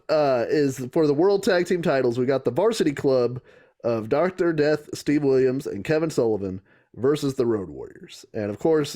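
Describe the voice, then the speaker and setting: A man in easygoing podcast banter, a mid-pitched voice, relaxed and joking, with frequent laughter. He recaps matches with a dry comic edge. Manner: joking, laughs often, uses voices for quotes. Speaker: podcast co-host. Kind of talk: casual comedic chat.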